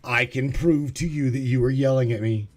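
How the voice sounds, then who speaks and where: A man's voice: medium pitch, steady tone, moderate pace. A man hosting a casual call-in stream, rambling, swearing, and getting exasperated with tech trouble. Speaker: podcast host.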